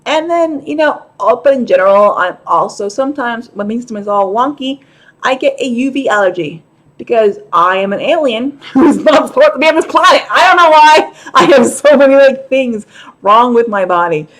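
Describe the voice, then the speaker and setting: A woman with a high, bright-sounding voice chats straight to camera as host of her own show. She is frank and a bit profane, and she breaks off for laughing asides as she goes. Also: animated, normal speed. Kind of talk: casual talk to camera.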